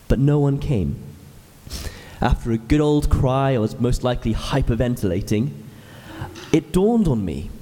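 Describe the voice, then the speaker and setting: A man's voice: mid-range voice, dark tone, big-room sound. A man in his thirties, an ordinand, preaching a sermon in a church with earnest, explanatory storytelling. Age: 30s.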